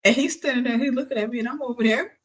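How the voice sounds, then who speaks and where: A woman host telling a personal story in an animated way, laughing and acting out the voices of the people in it. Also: on the high side, racing.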